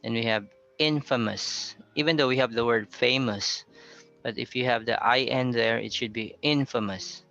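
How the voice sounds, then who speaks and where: Male teacher, patient classroom lecturer, bright voice with a gravelly edge, quizzes his class. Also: medium pitch, fairly even intonation, moderate pace. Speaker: pronunciation teacher. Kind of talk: classroom lecture on word stress. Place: classroom with a blackboard. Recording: dull lo-fi sound with faint music.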